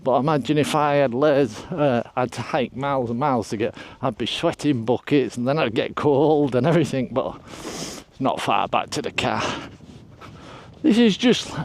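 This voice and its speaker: This casual walk-and-talk vlog features an older man hiking open moorland on a windy hilltop, addressing viewers in a rambling, self-deprecating manner. His mid-range voice is expressive and moderately paced over slight background noise.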